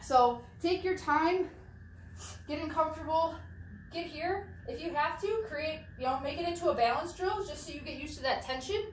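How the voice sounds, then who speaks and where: Woman, young adult, throwing coach, high voice, casual instruction with restarts, distant echoey recording. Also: moderate pace, slight background noise. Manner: casual, repeats and restarts phrases while demonstrating. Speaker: track and field throwing coach. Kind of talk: casual instructional talk while demonstrating. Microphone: camera mic at a distance. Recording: distant camera mic with echo and faint ambience.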